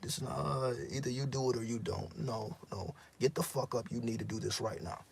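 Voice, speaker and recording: A man's voice: medium pitch, fairly even intonation, a little fast, gravelly, breathy edge. A man speaking in a casual, intense monologue as a spiritual teacher, profane and repeating himself for emphasis.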